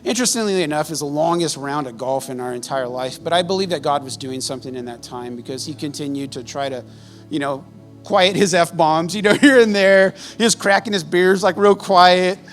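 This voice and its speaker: A man's voice: on the high side, fairly quick, faint music behind. A man preaching a sermon as pastor, telling stories conversationally and laughing often.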